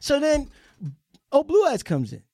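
High animated man ranting. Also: measured pace, no echo, studio quality. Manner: profane, heated, storytelling. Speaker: podcast host. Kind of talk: casual podcast chat.

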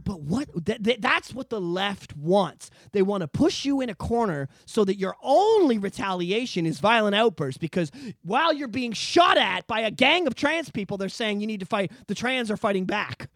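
A man's voice: high voice, sing-song, normal speed, few pauses, fairly bright tone, no echo. A man hosting a casual podcast, from Canada, ranting emphatically with constant profanity. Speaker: podcast host.

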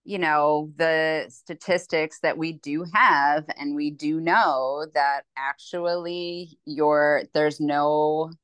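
A woman from Hawaii speaking in a documentary interview, measured and pointed as she argues for birth options. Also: low voice, fairly even intonation, fairly bright tone, clear, resonant tone, no room sound.

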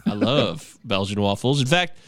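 A man in casual chat as a podcast host, jokey and animated. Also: moderate pace, no echo, clean studio sound. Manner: animated, jokey, swoops up in pitch.

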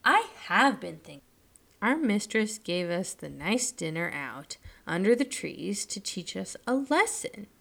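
Woman voicing a gentle rag doll girl. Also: mid-range voice, big pitch swings, measured pace, creaky, exaggerated voice. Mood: earnest.

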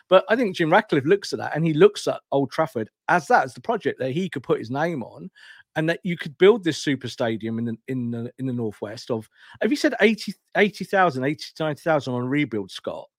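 Animated man in casual football chat. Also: medium pitch, fairly quick, no echo, clean studio sound. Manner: animated, rambling, laughs while retelling. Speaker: podcast co-host.

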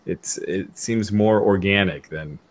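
A man co-hosting a wrestling podcast in relaxed, casual talk. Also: low voice, slow pace. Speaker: podcast co-host.

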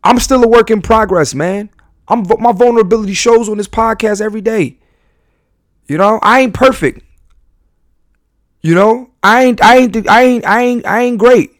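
A man's voice: sits high, normal speed, long pauses, dry recording, studio quality. A man hosting a podcast, talking candidly in a rambling, confessional way full of slang and restarts. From New York. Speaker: podcast host.

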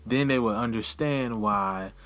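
A man's voice: mid-range voice, unhurried, a bit bright. A man hosting a casual podcast interview, laid-back, with short affirmations and follow-up questions. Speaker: podcast host.

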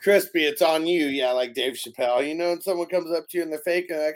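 A man's voice: on the high side, steady tone, fast talker. A man hosting a casual fantasy draft show, easygoing, laughing often and reading out chat comments. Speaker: podcast host running a fantasy draft.

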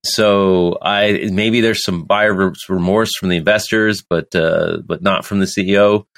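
A man's voice: deep voice, fairly even intonation, measured pace, a bit bright. A man hosting a casual podcast chat, joking sarcastically, laughing often and restarting his sentences. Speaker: podcast host.

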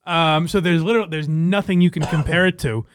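A man's voice: a little high, steady tone, a little fast, no room sound, clean studio sound. A man hosting a podcast in casual chat, rambling with fillers, swearing and laughing. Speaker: podcast host.

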